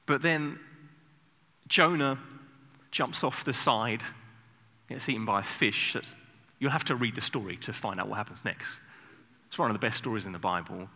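A man preaching a sermon, telling the story with lively bursts of acted shouting. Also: medium pitch, moderate pace, long pauses. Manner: animated storytelling, sudden loud acted outbursts. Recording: long hall reverb.

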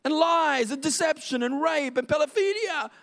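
A preacher voicing an imagined furious male God, shouting and ranting about coming doom. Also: very high-pitched, expressive, moderate pace, creaky, pitched above the performer's own voice, exaggerated voice.

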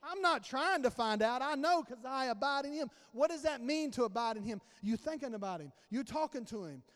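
A man's voice: very high voice, expressive, fairly quick, a bit bright, in a large hall. A male pastor preaching a conversational sermon and acting out little dialogues. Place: church sanctuary.

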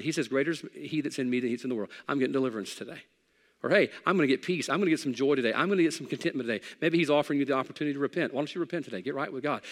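A middle-aged male pastor preaching a sermon, conversational and emphatic, shifting from loud peaks to soft pleading. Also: medium pitch, gravelly, in a large hall. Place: church sanctuary.

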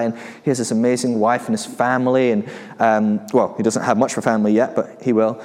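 A man's voice: mid-range voice, fast talker, hardly any pauses, darkish tone. A man preaching in a casual, conversational way, full of rhetorical questions and light chuckles. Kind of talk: casual sermon. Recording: long hall reverb.

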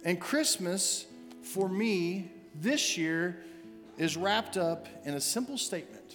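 A male preacher with a rather high voice delivers a sermon, slipping into animated voices as he tells a story. His words ring out with a long hall reverb, and soft music sits faintly underneath. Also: slow pace. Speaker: senior minister. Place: large church sanctuary.

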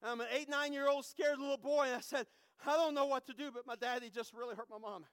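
Man preacher, very high voice, smooth tone, emotional testimony, hushed to loud. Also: steady tone, fast, dry recording. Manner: emotional, swings from hushed to loud, repeats phrases. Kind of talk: sermon testimony.

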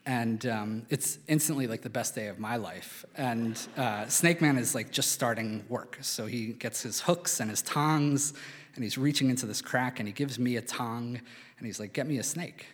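A man's voice: medium pitch, normal speed. A man from Philadelphia telling a true story on stage in a casual, chatty way, full of "like" and little fillers. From Philadelphia, USA. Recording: reverberant hall, live stage.

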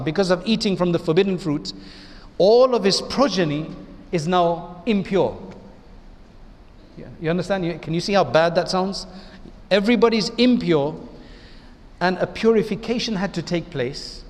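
A man's voice: high-pitched, long reverb tail. A man, an imam, giving an Islamic lecture in a conversational way, often asking his listeners rhetorical questions.

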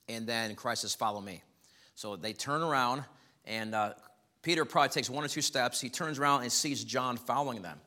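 A man's voice: mid-range voice, pushed and bright. A man preaching a sermon in a conversational way, reading scripture and chuckling often, his voice rising sharply when he acts out questions.

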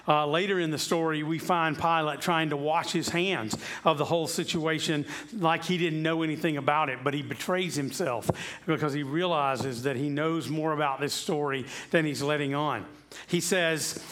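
Pastor, male, voice on the higher side, delivers a relaxed, chatty sermon full of rhetorical questions. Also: normal speed. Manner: chatty, asks rhetorical questions, repeats himself. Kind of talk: conversational sermon. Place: church sanctuary.

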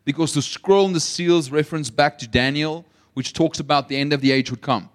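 A man preaching a sermon, asking the audience questions and retelling scripture as lively stories. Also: fairly high pitch, fairly quick. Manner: asks the audience rhetorical questions; animated storytelling with acted-out quotes. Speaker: pastor.

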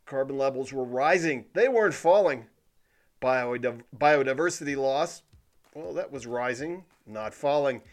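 A man hosting a weekly commentary show, talking in a sarcastic, cynical tone with animated emphasis. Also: medium pitch, unhurried. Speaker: podcast host. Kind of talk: sardonic commentary monologue.

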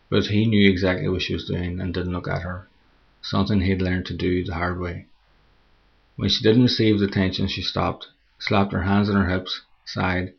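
A man hosting a podcast and reading a short story in a slow, measured way. His voice is very low, gravelly and husky. The recording is slightly dull. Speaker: podcast host and story narrator. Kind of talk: scripted story narration.

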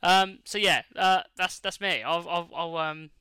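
A man in his late twenties chats casually as a podcast co-host, rambling and swearing, with plenty of fillers and restarts. His voice is very bright and crisp, a touch higher than most men's, and it sounds close and dry. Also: fairly even intonation, measured pace, dry recording. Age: late 20s. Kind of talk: casual chat.

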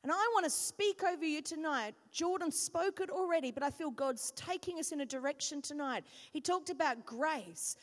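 A woman from Australia preaching in a high voice, telling stories with lively, self-mocking humor. Her words ring out with a long reverb from a church hall. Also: normal speed, hardly any pauses. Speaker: pastor. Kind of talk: sermon.

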